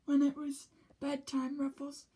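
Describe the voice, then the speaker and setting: A woman reading a children's picture book aloud, slipping often into a soft whisper between the characters' lines. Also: high-pitched, monotone, a little slow, rough recording.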